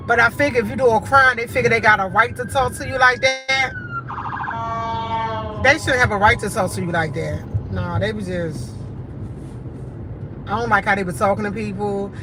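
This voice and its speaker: Indignant chatty woman, noisy street. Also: medium pitch. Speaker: vlogger. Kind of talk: casual live-stream chat.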